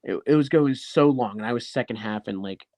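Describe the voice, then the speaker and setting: Man telling animated, profane wrestling stories. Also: mid-range voice, a little fast, dry recording. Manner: animated, swears often, acts out quoted dialogue. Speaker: guest, professional wrestler. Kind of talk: casual storytelling interview.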